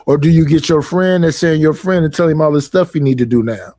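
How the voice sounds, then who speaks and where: A man's voice: fairly high pitch, a little fast, no room sound, clean studio sound. A man talking bluntly in a casual discussion, acting out both sides of his stories. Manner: blunt, animated storytelling.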